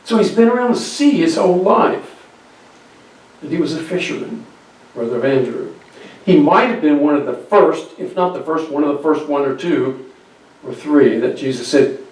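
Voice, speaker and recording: A male pastor telling a Bible story in a conversational sermon with halting restarts, recorded from a distance in an echoey church. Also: fairly high pitch, animated, darkish tone. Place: church sanctuary. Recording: very echoey hall, distant mic.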